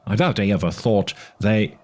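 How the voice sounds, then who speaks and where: A man voicing a dry, thoughtful male mathematician who speaks with hesitations and pauses. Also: fairly low pitch, a little mellow, lightly acted. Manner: hesitant, musing, many pauses.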